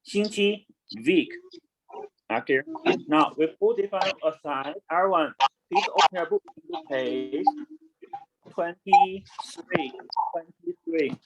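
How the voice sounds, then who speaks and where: Slow-talking male online teacher. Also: a little high, noisy background. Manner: slow, repeats words and spells them out, mixes in Chinese.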